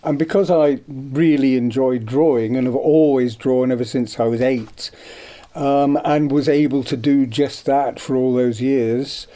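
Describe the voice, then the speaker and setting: Older Devon-raised man, mellow tone, anecdotal radio guest. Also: mid-range voice, fairly even intonation, a little slow. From Devon, England. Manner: rambling, anecdotal, many ums. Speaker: guest, artist. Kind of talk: radio interview chat. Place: radio studio.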